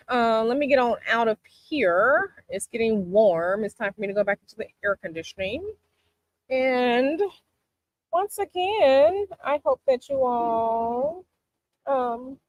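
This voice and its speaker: Her voice a little high, a tarot channel host from Chicago has a relaxed chat with viewers outside near a palm tree while planes go over. She is sassy and emphatic and says her advice more than once. There's no echo.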